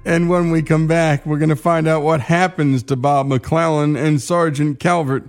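A man hosting a radio story show with a smooth broadcast delivery. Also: a little high, steady tone, normal speed, faint music behind. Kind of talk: radio segment introduction.

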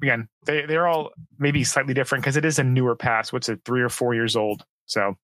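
Male podcast co-host, bright forceful tone, dry close sound, animated and opinionated casual chat. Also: medium pitch, brisk, no room sound. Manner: animated, opinionated, enthusiastic about skiing.

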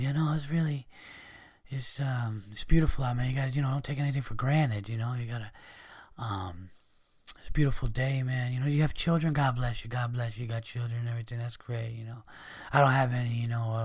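A man's voice: medium pitch, steady tone, brisk, darkish tone, pitched below the performer's own voice, natural voice. A man voicing a polite, desperate male panhandler who mumbles and trails off. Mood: meek. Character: soft-spoken desperate male street panhandler.

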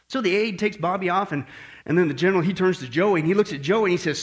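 A man's voice: high voice, lively intonation, fast talker, a bit bright. A male pastor preaching in a folksy, playful way, telling jokes before his sermon. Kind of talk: joking sermon.

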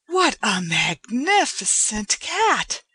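A woman voicing a lively, affectionate young woman who speaks eagerly and with delight. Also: on the high side, takes it slowly, husky, dry recording, pitched above the performer's own voice, full character voice. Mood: curious.

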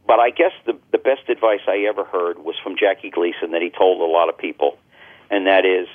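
A man's voice: low-pitched, fairly even intonation, brisk. An older man, a talk radio host, telling stories in a chatty, anecdotal way during an interview, with frequent restarts. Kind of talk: casual interview storytelling. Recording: tinny phone line.

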